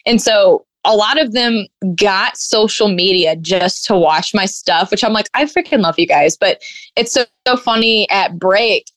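A woman's voice: mid-range voice, unhurried, no room sound. Chatty young woman acting out stories. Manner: animated storyteller, acts out quotes, heavy on "like". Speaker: guest content creator. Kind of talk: casual chat.

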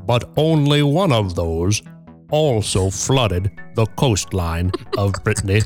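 Man, podcast host, scripted narration, dry punchline delivery, unhurried, lively pitch. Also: over music. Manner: measured, dry storytelling that builds to punchlines. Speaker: podcast host reading a prepared story. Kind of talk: scripted narration with casual banter.

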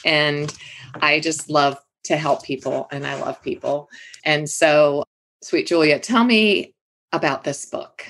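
Casting: a low-voiced woman host, a therapist, openly emotional and effusive. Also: takes it slowly, a bit bright. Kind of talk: interview hosting.

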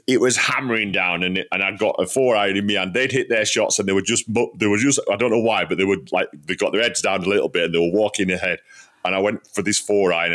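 A man hosting a podcast interview, telling an anecdote in an animated way and laughing through it. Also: fairly low pitch. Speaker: podcast host. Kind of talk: casual interview chat.

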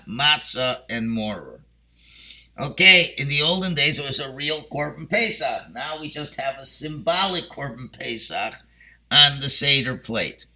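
A Yeshivish-accented man leads a Haggadah class, slipping Ashkenazi-pronounced Hebrew into his English. His voice is fairly high and very bright. He works through the text by asking questions aloud and answering them. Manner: explanatory, asks and answers his own questions. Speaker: Torah teacher.

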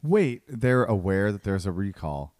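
Teasing low-voiced man co-host. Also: big pitch swings, a little slow, darkish tone, dry recording, clean studio sound. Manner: teasing, interrupting, wry. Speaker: podcast co-host. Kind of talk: casual chat.

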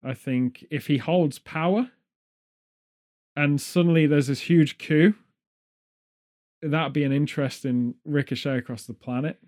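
A British man in casual conversation, his voice sitting a little higher than most men's. He rambles from point to point with a jokey, offhand manner. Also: measured pace, long pauses, a little mellow. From United Kingdom. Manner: rambling, jokey, slips into silly put-on voices. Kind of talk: casual chat.

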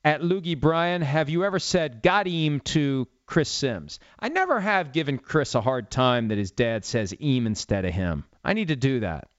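Man, 50s, solo sports talk host, lively swings in pitch, dry dull studio sound. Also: normal speed, few pauses, no echo. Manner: rambling, self-mocking, opinionated. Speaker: sports radio podcast host. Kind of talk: solo talk show monologue.

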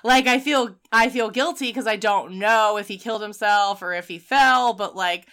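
A woman's voice: medium pitch, normal speed, fairly bright tone, clear, resonant tone. A woman casually recapping a movie, full of "like" and laughter, quoting characters as she goes. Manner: chatty, filler-heavy retelling with quoted voices and laughter. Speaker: podcast co-host recapping a film. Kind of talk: casual chat.

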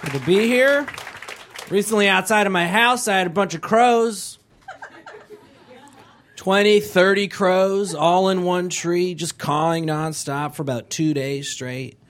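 A man performing a live stand-up set, telling a story with animated energy. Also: high voice, unhurried, a faint crowd. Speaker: stand-up comic.

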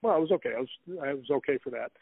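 A man's voice: mid-range voice, lively intonation, racing, creaky, husky, no echo. A man telling long, rambling stories as a guest author in an interview, breaking into laughs. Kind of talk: storytelling in an interview. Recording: phone-like, dry line.

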